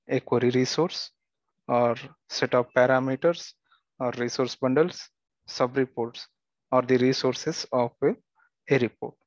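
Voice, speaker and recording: A man teaching a software tutorial, giving steady step-by-step instructions with the odd filler and restart. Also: medium pitch, dry recording, lo-fi sound. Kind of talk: screen-recorded software tutorial.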